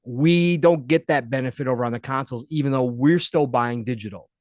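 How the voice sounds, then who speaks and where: A man's voice: mid-range voice, brisk, a little mellow, no echo, clean studio sound. Fired-up man ranting on a podcast. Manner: opinionated, emphatic, fired-up. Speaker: podcast co-host. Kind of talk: casual podcast opinion rant.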